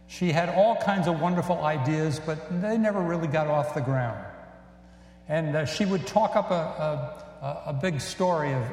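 An older man preaching a sermon in a reflective, earnest way, with pauses and fillers. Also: on the high side, darkish tone. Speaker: pastor. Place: church sanctuary. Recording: echoey church hall.

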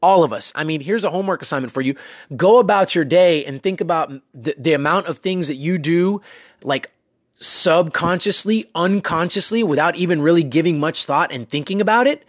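A man's voice: a little high, normal speed, no echo, studio quality. A man hosting a casual motivational talk, coaching listeners in a conversational way with many fillers and asides. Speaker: self-improvement podcast host.

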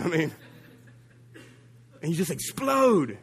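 Man, pastor, sermon, slightly high voice, humorous, animated, talks straight to the congregation. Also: normal speed. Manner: humorous, animated storytelling with big swings of pitch and volume; addresses the congregation directly with call-outs.

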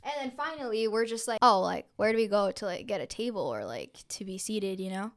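A young woman, a podcast co-host, telling an anecdote in casual chat, animated and full of swearing, acting out quotes with lots of "like". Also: mid-range voice, brisk. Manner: animated, swears a lot, acts out quotes with filler "like".

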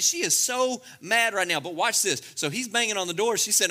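A man preaching a lively, comedic sermon, acting out scenes in playful voices. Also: high voice, normal speed. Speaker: pastor.

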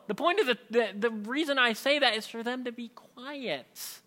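A man in his thirties delivers a sermon in a relaxed, conversational way, as if chatting with his congregation. His voice sits high for a man and rings bright and forward. He keeps things lively by acting out the voices of the people he quotes. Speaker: pastor.

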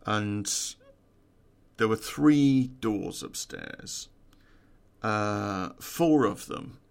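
A man's voice: fairly low pitch, expressive, drawn-out words, gravelly, clean tone. A man, telling a true-crime story in a casual, profane way and laughing at his own story.

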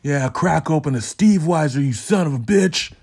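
Guy putting on a rowdy wrestler holler, loud and brash, pitched way up from his normal. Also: expressive, moderate pace, slightly rough. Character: gruff hollering male wrestler impression.

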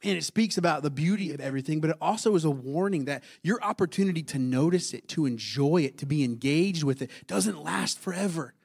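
A man preaches in a relaxed, conversational way colouring his words. He sits in his thirties, with a voice pitched slightly higher than most men's. He keeps turning to the congregation with questions as he talks. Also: a little fast, gravelly, few pauses, slightly rough. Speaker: pastor. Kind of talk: sermon.

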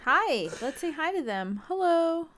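A woman's voice: high-pitched, sing-song, unhurried, a bit bright. A woman co-hosting a podcast, answering her co-host with short playful reactions and teasing asides. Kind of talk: casual chat.

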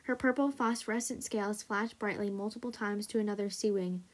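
A woman hosting a story podcast, reading a story aloud in a steady, even way. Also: medium pitch, a little fast.

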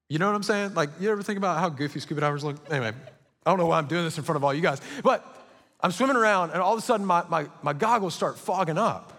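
A young man delivers a sermon from a church stage, his voice sitting a little high for a man. He moves through stories with energy and quick asides. The sound carries the long ring of a large auditorium. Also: a bit bright, in a large hall. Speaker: pastor.

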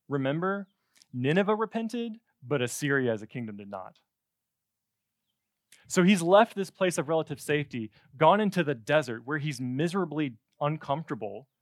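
Male preacher, conversational and jokey, higher voice, dry close sound. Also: dry recording. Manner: animated, conversational, jokey asides. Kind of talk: sermon.

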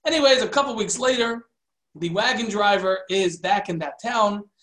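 A man's voice: high voice, a bit bright. Man telling a folk tale, roomy echo. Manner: halting, many fillers and restarts, drops in Yiddish and Hebrew words. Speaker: storyteller.

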